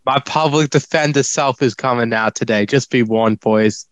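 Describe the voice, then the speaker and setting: A man co-hosting a casual podcast, playful and excitable. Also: medium pitch, normal speed. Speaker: podcast co-host. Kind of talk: casual chat.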